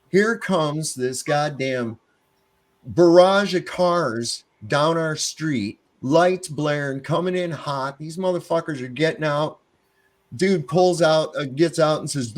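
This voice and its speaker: A middle-aged man telling a story in casual conversation, swearing freely and acting out both sides of a confrontation in a defiant tone. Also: a little high. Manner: profane, defiant, acts out both sides of the exchanges.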